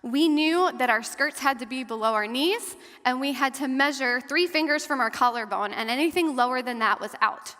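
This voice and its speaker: A woman giving a personal testimony talk to an audience, earnest and measured, slowing and going softer at the hard parts. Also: high voice. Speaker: guest speaker and survivor advocate. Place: large hall or church. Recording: long hall reverb.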